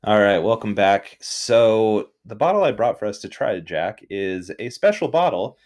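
A young man with a fairly low voice co-hosting a podcast. He explains things in an easygoing, conversational way, with the odd filler as he goes. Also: expressive, measured pace, darkish tone. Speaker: podcast co-host. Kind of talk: casual chat.

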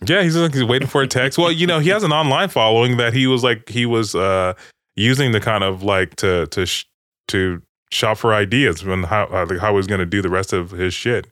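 Low-voiced guy rambling through a movie scene, swearing, acting out bits, dry mic. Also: brisk, a bit bright, dry recording. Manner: rambling, profane, acts out movie lines. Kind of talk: casual movie discussion.

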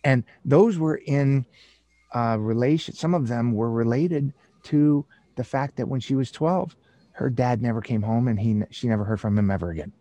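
A man's voice: mid-range voice, moderate pace, no room sound. A man talking about his book in a conversation, acting out little scenes with lots of restarts and fillers. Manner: animated storyteller acting out scenes with many restarts. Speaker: author and guest. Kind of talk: casual interview talk.

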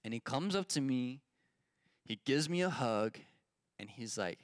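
A man's voice: medium pitch, lively intonation, measured pace, long pauses, no room sound, studio quality. A man teaching a casual Bible lesson, asking his group questions and telling a personal story with many fillers.

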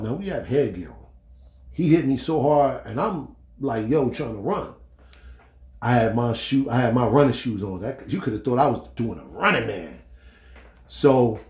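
A middle-aged man hosting a podcast, telling a story in a blunt, animated way, acting out the quotes and swearing freely. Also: medium pitch, roomy sound. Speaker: podcast host. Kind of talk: casual storytelling monologue.

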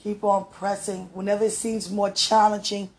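A woman giving a fervent, emotional prayer and encouragement talk in a gravelly, sometimes hoarse voice, recorded at home. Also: mid-range voice, little pitch movement, moderate pace. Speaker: spiritual vlogger.

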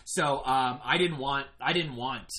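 A man's voice: mid-range voice, unhurried, sharp tone. A young man casually recapping a game season he played in, retelling events in a rambling, self-correcting way.

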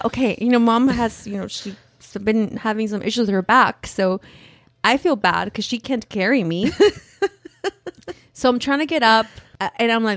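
Woman, 30s, casual storytelling, animated, fairly high voice, dry close sound. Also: normal speed, dry recording. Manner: animated, laughing, lots of "like". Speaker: podcast co-host.

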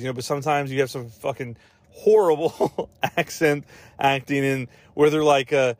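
A man's voice: mid-range voice, fairly even intonation, fairly quick, no room sound. A man hosting a podcast who chats casually about movies, rambling and swearing with lots of fillers. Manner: rambling, profane, full of fillers and asides. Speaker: podcast host. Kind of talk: casual movie-review chat.

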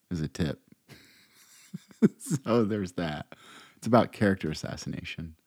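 A man's voice: deep voice, lively intonation, moderate pace, darkish tone, husky, dry recording. A man hosting a podcast, giving meandering, sarcastic political commentary full of restarts, recorded close to the mic. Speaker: podcast host.

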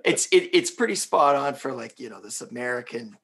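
A man hosting a casual interview, talking in a relaxed, conversational way with lots of fillers. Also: medium pitch, fairly quick, vocal fry, husky. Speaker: podcast host.

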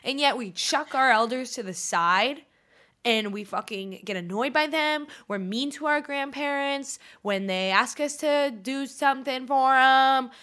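A woman's voice: high voice, pushed and bright. A young woman co-hosting a podcast, chatting casually with a profane, dramatic, joking manner. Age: young adult. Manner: profane, dramatic, quick to joke. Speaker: podcast co-host. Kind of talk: casual chat.

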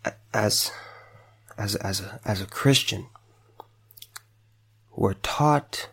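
A man's voice: fairly low pitch, drawn-out words, creaky, long pauses, a bit bright, slightly rough. A man speaking emotionally to the camera, stammering and repeating words as he struggles to hold back tears. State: choked up, fighting back tears. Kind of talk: emotional direct-to-camera commentary.

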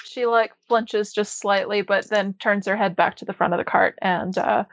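A woman narrating as game master for a tabletop game, relaxed and chatty with frequent fillers. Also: medium pitch, moderate pace, no room sound.

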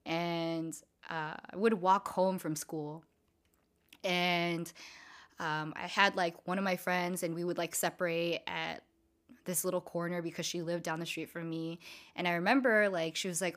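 A woman's voice: on the low side, fairly even intonation, moderate pace, a bit bright. Casual, profane young woman telling a story. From Southern California. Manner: casual, profane, lots of filler words.

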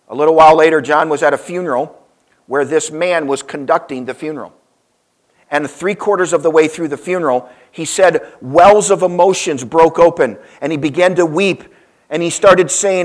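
A man's voice: fairly high pitch, normal speed. A man preaching a sermon, telling a story and acting out the quoted lines with big rises and drops. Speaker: pastor.

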